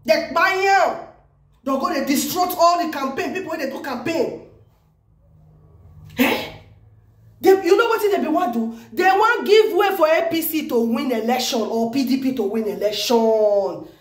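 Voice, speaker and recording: A Nigerian woman vlogging news commentary in an excited, exclamatory way, repeating phrases for emphasis. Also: high-pitched, normal speed, reverberant. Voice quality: animated, exclamatory, repeats herself.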